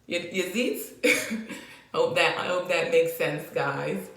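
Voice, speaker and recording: A woman's voice: on the low side, a little slow, bright, forceful tone. A woman with a Jamaican accent giving a casual, playful vlog lesson, laughing often and repeating phrases. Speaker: language teacher vlogger. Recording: very echoey room.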